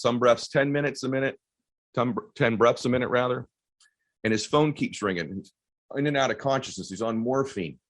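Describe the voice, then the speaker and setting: A middle-aged man with a deep voice giving an intense motivational speech, telling a personal story that sometimes drops to a hush. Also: no room sound, low-quality recording. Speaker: motivational speaker.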